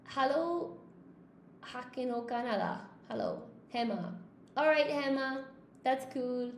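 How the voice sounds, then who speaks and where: On a livestream, an English teacher talks informally and reads out comments from viewers, frequently ending thoughts with "you know?" She speaks slowly in a high, sing-song voice with vocal fry, and the room echoes over a faint background hum.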